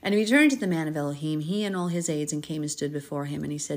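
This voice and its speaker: A woman hosting a Bible podcast, reading scripture aloud and breaking off into expressive, giggly commentary. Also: deep voice, fast talker, few pauses. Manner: expressive, giggly, acts out characters in paraphrase.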